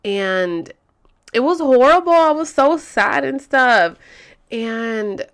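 A woman's voice: on the high side, lively intonation, takes it slowly, clean tone. A woman telling a long personal story on a vlog, rambling and swearing, with "like" in every other phrase. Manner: rambling, profane, frequent "like" fillers. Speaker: vlogger.

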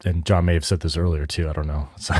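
Deep-voiced man in hedging podcast chat. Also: flat delivery, quick pace, darkish tone, breathy edge, no echo, clean studio sound. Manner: hedging, jokey, swears casually. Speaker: podcast co-host. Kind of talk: casual episode recap.

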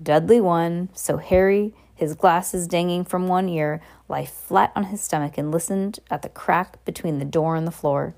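A woman's voice: fairly low pitch, a little slow, creaky, hardly any pauses. A young woman reading a novel aloud in a casual way, breaking off for chatty, playful asides. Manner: relaxed, chatty, with playful comments. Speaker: reader.

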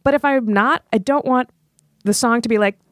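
A woman's voice: on the high side, moderate pace, no room sound, studio quality. A woman hosting a podcast, chatting casually with playful jokes. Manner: playful, jokey asides, acts out quotes. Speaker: podcast host. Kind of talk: casual chat.

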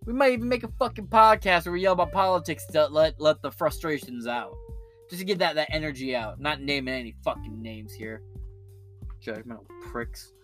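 A man hosting a casual political commentary show, ranting in a profane, animated way with many restarts. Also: a little high, a little fast, soft background music.

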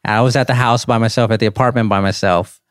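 A man in his thirties, a podcast guest, telling a casual story with animated rises into disbelief. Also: medium pitch, quick pace, smooth, dry recording, studio quality.

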